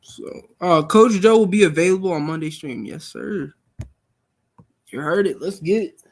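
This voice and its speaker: A young man hosting a live stream, chatting casually with viewers in a relaxed, rambling way full of fillers. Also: sits high, moderate pace. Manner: laid-back, rambling, many fillers.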